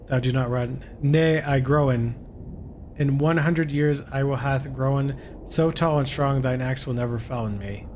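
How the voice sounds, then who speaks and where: Solemn, talking forest trees from a video game speak in stiff, old-fashioned storybook phrasing, as a man reads them aloud. The pitch sits in a middle range, and there is a faint hiss behind the voice. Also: measured pace, a little mellow, lightly acted. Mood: solemn archaic. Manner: archaic, stilted storybook phrasing.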